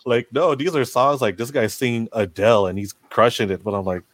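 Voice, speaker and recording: A young American man, a podcast co-host, telling lively stories in casual chat, swearing often and acting out the people he quotes. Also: medium pitch, brisk, dry recording. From United States. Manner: animated storyteller, swears often, acts out quotes.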